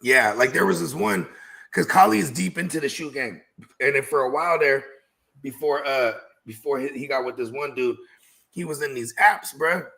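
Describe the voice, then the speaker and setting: A man's voice: mid-range voice, moderate pace, gravelly, pushed and bright. A man chatting casually with a friend, laid back, speaking in slang with lots of "you know what I mean.". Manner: laid-back slang, many fillers and restarts. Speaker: guest friend. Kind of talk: casual chat.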